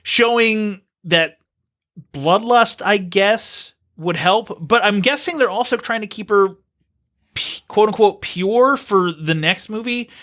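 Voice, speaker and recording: A man hosting a podcast in casual chat, animated and firing off rhetorical questions. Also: high-pitched, slow pace. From United States. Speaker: podcast host.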